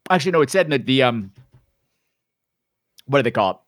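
A man's voice: medium pitch, very animated, fairly quick, no room sound. A man co-hosting a podcast in casual chat, sarcastic and rambling, swearing freely. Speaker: podcast co-host.

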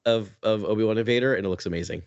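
A man co-hosting a podcast, chatting excitedly and rambling with lots of fillers. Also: lowish voice, rapid-fire, no room sound, lo-fi sound. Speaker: podcast co-host. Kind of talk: casual fan chat.

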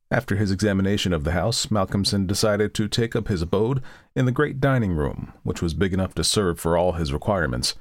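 Low-voiced man reading a storybook. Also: no room sound, studio quality. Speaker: audiobook narrator. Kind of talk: scripted narration.

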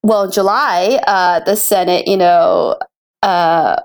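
A woman's voice: lowish voice, fairly even intonation, takes it slowly, dry recording. A woman speaking as a guest on an interview, an earnest and passionate healthcare advocate who grows emotional. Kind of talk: interview conversation.

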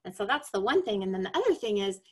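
A woman's voice: medium pitch, very animated, fast talker. Earnest woman sharing her faith. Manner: earnest, confessional. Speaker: podcast host. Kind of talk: personal faith testimony podcast.

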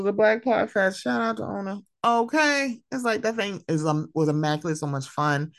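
On her solo podcast, a woman tells stories about her friends in a casual, heartfelt monologue, animated and at times tearful. Her mid-range voice has vocal fry and moves at a moderate pace with few pauses. The sound is dry, clean studio audio from a close mic.

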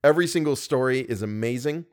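A man's voice: mid-range voice, fast. A man hosting a horror fiction podcast, chatting bluntly at the sign-off and mocking himself between retakes of a reading. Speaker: podcast host and audiobook narrator. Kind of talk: casual sign-off and outtakes of reading.

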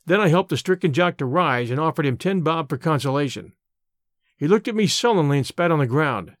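A man narrating an audiobook in a measured storytelling way. His voice sits somewhat high for a man. The recording is dry and close, with no room sound. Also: lively intonation, dry recording.

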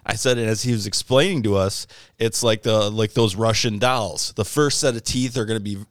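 A man co-hosting a podcast, telling stories in an animated, casual way and swearing freely. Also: on the low side, moderate pace, clear, resonant tone, no echo, studio quality. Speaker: podcast co-host. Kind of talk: casual chat.

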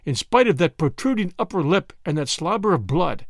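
A man narrating a story aloud, reading in an expressive, dramatic way. His voice sits somewhat high with a very lively pitch, and the sound is dry and close to the mic. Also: fairly quick, no room sound.

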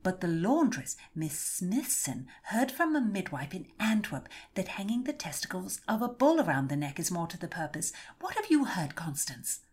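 Woman playing a chattering young court lady, eager and hushed, audiobook figure. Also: fairly low pitch, big pitch swings, moderate pace, hardly any pauses, husky, pitched above the performer's own voice. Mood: gossipy.

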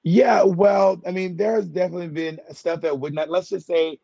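A man's voice: high voice, steady tone, normal speed, gravelly, warm tone, no echo, lo-fi sound. A man who is a drag performer, chatting playfully as a guest in an interview, joking about himself. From United States. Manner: playful, self-mocking, talkative. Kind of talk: casual interview chat.

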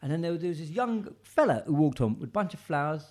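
A man co-hosting a casual chat, chiming in with quick reactions and banter. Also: fairly high pitch, lively intonation, a little mellow. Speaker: podcast co-host.

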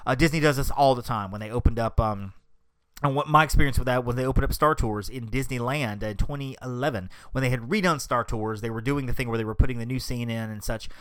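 Man, podcast host, casual chat, upbeat, dry close sound, mid pitch. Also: a bit bright, clean tone, dry recording. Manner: chatty, upbeat, thinks aloud. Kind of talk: casual solo podcast talk.

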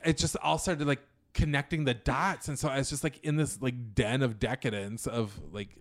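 A middle-aged man spins a story on a podcast, animated and chatty, with lots of "like" and quoted voices. His pitch sits in an ordinary middle range. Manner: animated, acts out quotes, many filler "like"s. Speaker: podcast co-host telling a story. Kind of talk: casual storytelling chat.

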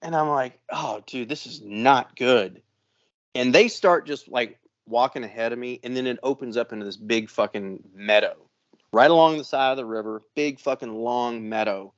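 A man's voice: medium pitch, moderate pace. Profane storytelling man, lo-fi sound. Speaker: podcast host. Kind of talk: casual storytelling.

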